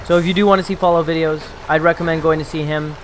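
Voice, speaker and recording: A young man talks casually to his viewers in a slightly high voice, rambling and filling pauses. He speaks into a desk condenser mic with a pop filter. A faint hum of car engines sits behind him. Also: flat delivery. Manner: rambling, with fillers and laughs. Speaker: video creator. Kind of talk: casual vlog talk to viewers. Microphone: desk condenser mic on a boom with pop filter.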